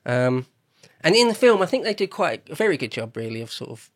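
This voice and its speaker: This man's voice is a little high and very animated, and he talks briskly. Hosting a casual podcast chat, he rambles loosely and keeps correcting himself.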